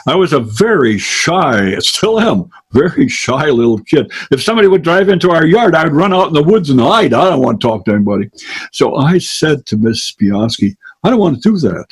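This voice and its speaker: A man's voice: a little high, animated, moderate pace, breathy edge. An older man telling a folksy childhood story to an audience, acting out the voices of the people in it.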